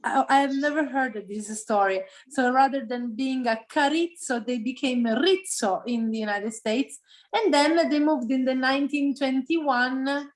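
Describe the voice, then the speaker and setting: Woman, italian accent, from sicily, meeting host and interpreter, slightly high pitch, video call. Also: normal speed, poor audio. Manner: translates back and forth, many fillers.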